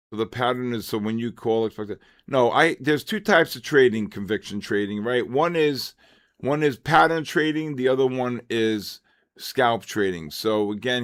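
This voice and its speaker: A man in his sixties hosting a casual live trading stream, chatty and rambling, calling out to viewers by name. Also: fairly low pitch. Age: 60s. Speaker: trading livestream host.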